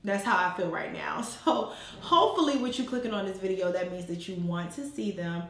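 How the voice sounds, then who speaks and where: A woman's voice: mid-range voice, expressive, a little fast, fairly bright tone, a little hiss or hum. A woman vlogger and mother of twins talking casually to her viewers, chatty and emotional. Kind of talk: casual direct-to-camera chat. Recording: echoey room.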